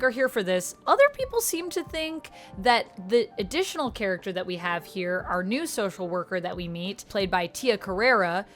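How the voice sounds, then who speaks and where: A young woman reviewing a film in a casual, chatty way, with sudden animated rises in her voice. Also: mid-range voice.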